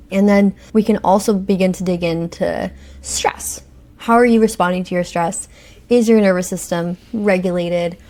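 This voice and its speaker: A woman's voice: medium pitch, darkish tone. A woman guest on a podcast, a cycle coach, explaining her ideas through strings of guiding questions. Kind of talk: conversational interview.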